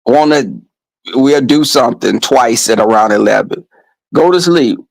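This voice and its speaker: Brash gravelly man telling crude stories. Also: mid-range voice, animated, measured pace, dry recording, low-quality recording. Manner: flamboyant, brash, swearing freely. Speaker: vlogger. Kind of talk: crude comedic storytelling to viewers.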